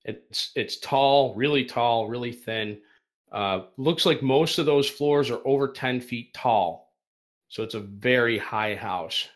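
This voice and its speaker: Male game master, mid-pitched, halting and filler-heavy delivery. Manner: halting, many fillers and restarts. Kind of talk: running a tabletop game over voice chat.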